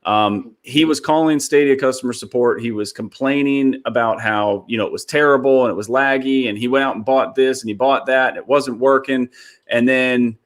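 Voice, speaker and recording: A man hosting a casual online talk show, telling stories in a lively, animated way. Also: medium pitch, normal speed. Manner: animated storyteller, voice jumps up when excited. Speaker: podcast host. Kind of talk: casual chat.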